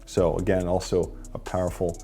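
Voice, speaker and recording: Low dark-voiced guy coaching a dating workshop, keeps tagging "okay?" on everything, faint music underneath. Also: completely flat delivery, moderate pace. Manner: peppers points with "okay?" and "right?". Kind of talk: workshop lecture.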